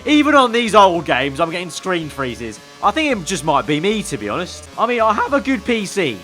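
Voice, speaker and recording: A chatty man commentating over his racing game, wry and quick with sarcastic jabs. His voice sits a touch above the usual male range, with faint music playing behind him. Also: sits high, huge pitch swings, a bit bright. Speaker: gaming video creator.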